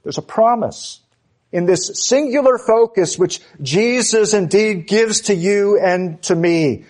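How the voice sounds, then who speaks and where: Earnest man preaching, slow and fairly high. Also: darkish tone. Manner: earnest, emphatic, with dramatic pauses and slowing on key words; occasional fillers and restarts. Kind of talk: sermon.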